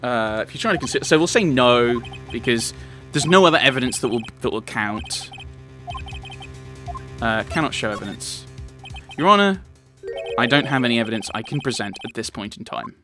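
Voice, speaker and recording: Lively, animated male game commentator. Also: mid-range voice, normal speed. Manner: reads characters' lines aloud in his own voice, exasperated rants. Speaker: let's player. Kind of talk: commentary while reading game dialogue aloud. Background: game music.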